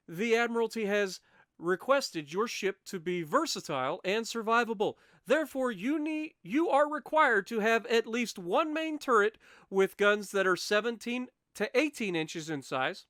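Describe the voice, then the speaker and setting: Smooth-voiced man reading game rules. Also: sits high, fairly bright tone, no echo, studio quality. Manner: reads aloud steadily, with wry asides and self-corrections. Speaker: gaming channel host.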